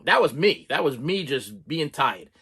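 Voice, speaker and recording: A man giving a rambling, animated horror movie review, mocking the characters in put-on voices. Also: on the high side, a little slow, vocal fry, husky.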